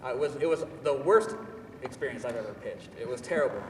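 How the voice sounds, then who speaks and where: Young guy telling a story, animated and self-mocking, kinda far from the mic, echoey hall. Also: medium pitch, a little fast, a little hiss or hum. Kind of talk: personal storytelling talk.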